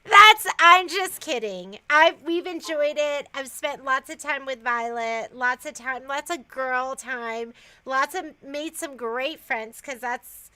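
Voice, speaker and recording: A woman co-hosts a shop's livestream with a joking, self-mocking manner. Her voice is high and very bright. She laughs often as she chats. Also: slow pace. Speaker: store co-owner and livestream co-host. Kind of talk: casual livestream chat.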